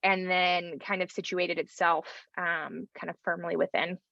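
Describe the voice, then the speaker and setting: A woman's voice: fairly low pitch, little pitch movement, measured pace, creaky, dry recording, highs cut off. A woman in her thirties from rural Idaho, a pastor talking casually in an interview, with lots of fillers. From rural North Idaho, USA. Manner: chatty, many fillers and "like". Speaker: pastor and theologian, guest.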